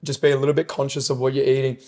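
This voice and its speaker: A man's voice: mid-range voice, level tone, racing, a little mellow. Enthusiastic rambling man. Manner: enthusiastic, rambling, swearing, quoting sayings. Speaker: podcast co-host and personal trainer. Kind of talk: casual podcast chat.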